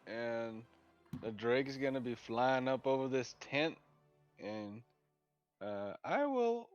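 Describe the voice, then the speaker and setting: A man's voice: mid-range voice, animated, takes it slowly, smooth, dull audio, soft background music. A man playing in a tabletop game, chatting casually, joking and swearing. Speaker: player.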